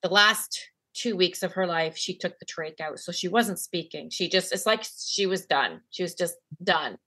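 A woman hosting a podcast interview talks casually, using lots of "like" and "you know," and becomes emotional while recalling a memory. Her voice is lowish and sharp in tone, at a normal speed.

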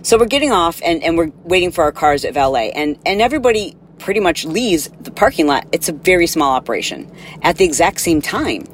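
A woman hosting a podcast, telling an animated, exasperated story in a casual monologue and acting out the people in it. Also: on the low side, fairly quick, slight background noise. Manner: animated, exasperated, acts out quotes. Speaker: podcast host.

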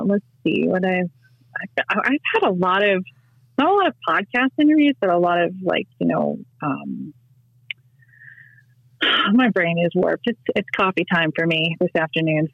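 A woman's voice: lowish voice, animated, moderate pace, vocal fry, dry recording, dull audio. A woman guesting on a podcast, chatting casually and rambling with lots of fillers and restarts. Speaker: podcast guest, knife maker. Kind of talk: casual chat.

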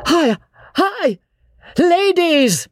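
A woman reader voicing an excitable male country vicar who shouts in a boyish, playful way. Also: extremely high pitch, measured pace, dry recording, clean studio sound, voice pushed up, heavily acted. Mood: shouting warning. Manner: shouting playfully, then scolding.

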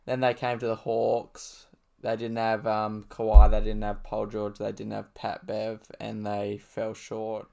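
A man's voice: on the low side, completely flat delivery, measured pace, creaky, mellow. A man with an Australian accent co-hosting a sports podcast, blunt and swearing mildly as he talks. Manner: blunt, says "bloody" a lot. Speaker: podcast co-host. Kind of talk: casual sports podcast chat.

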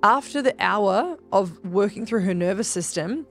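A woman's voice: mid-range voice, lively intonation, normal speed, a bit bright, soft background music. Chatty, emphatic woman coach. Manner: chatty and emphatic, swears freely, addresses listeners as guys. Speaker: podcast host and spiritual business coach. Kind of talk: casual motivational monologue.

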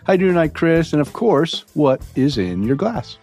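A man's voice: a little high, moderate pace, soft background music. Congested man hosting a chatty podcast. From US Pacific Northwest. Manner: relaxed, chatty, with restarts and throat clearing. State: congested with a slight frog in the throat. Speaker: podcast host. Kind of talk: casual chat.

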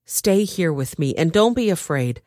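A woman's voice: low-pitched, sing-song, moderate pace, warm tone, dry recording, studio quality. Woman voicing an earnest young warrior leader. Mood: remorseful.

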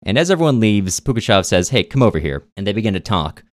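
A man's voice: on the low side, big pitch swings, quick pace, no room sound. A man co-hosting a podcast, casually retelling a novel's plot with wry, dry asides. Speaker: podcast co-host. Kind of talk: casual book recap.

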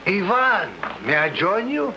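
A hearty, lively town councilman. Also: high-pitched, a little slow, lo-fi sound, noisy background, full character voice. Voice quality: hearty, friendly, pressing. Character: jovial middle-aged town councilman, insistent old friend. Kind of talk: 1970s radio drama acting.

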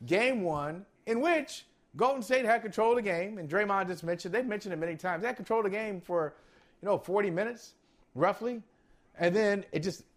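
A man's voice: high-pitched, a little fast. A man co-hosting a sports talk show, debating emphatically and repeating his points. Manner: emphatic, repeats phrases, acts out quotes.

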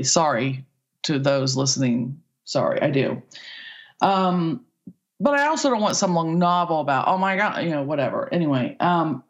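Woman talent agent, chatty rambling storyteller, gravelly voice, dull lo-fi recording. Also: fairly low pitch. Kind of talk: casual podcast interview.

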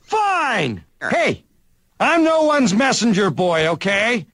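An actor voicing a grumpy, impatient male ogre in an animated film, talking in a curt, bossy way. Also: very high voice, slow pace, no room sound, studio quality, full character voice.

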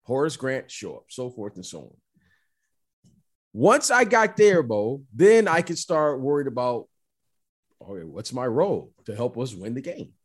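A middle-aged man telling stories in a casual chat, emphatic and animated, often repeating the listener's name. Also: mid-range voice, a little slow, pauses often. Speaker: former basketball player, guest.

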